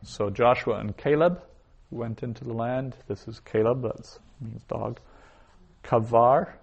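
A man's voice: medium pitch, gravelly, darkish tone, slightly rough, highs cut off. A man teaching a recorded language lesson, saying each word twice and then explaining it. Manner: slow, repeats each word twice before glossing it. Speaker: Hebrew teacher.

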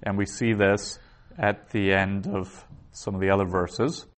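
A middle-aged man lectures a classroom in a somewhat low voice. He explains patiently, pausing and adding fillers as he works through each point. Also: steady tone. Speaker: teacher.

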